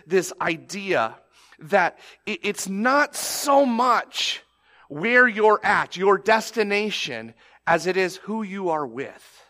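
A male pastor with a bright, forceful voice tells a personal story from the pulpit. He sits a little high in pitch and talks in a loose, animated way, often restarting his sentences. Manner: animated, conversational, repeats starts. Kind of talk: storytelling sermon.

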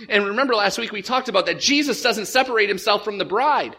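A man preaching a sermon as pastor, animated and often stumbling over repeated words at the start of sentences. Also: high-pitched.

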